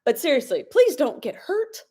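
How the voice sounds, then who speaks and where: Young woman vlogger, casual live-stream chat, slightly sick with sniffles, quick to laugh. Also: sits high, big pitch swings, dark tone. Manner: chatty, laughs often, answers viewer questions. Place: home, at a laptop in the kitchen. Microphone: laptop or phone camera propped up.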